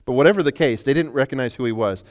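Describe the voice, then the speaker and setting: Stammering preacher in a reverberant hall. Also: male voice, medium pitch, racing. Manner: animated storytelling with frequent stammered restarts. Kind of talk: sermon.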